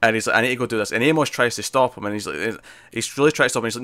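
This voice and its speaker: A man co-hosting a podcast, chatting casually and excitedly as he recaps a TV episode. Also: mid-range voice, racing, no room sound, studio quality. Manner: excitable, animated retelling of scenes. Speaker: podcast co-host.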